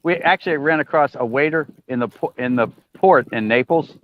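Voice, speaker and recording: A man's voice: a little high, a little fast, phone-quality sound, slight background noise. A man from Indiana telling stories in a casual group chat over a video call. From Indiana, USA. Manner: storytelling, joking. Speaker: chat participant.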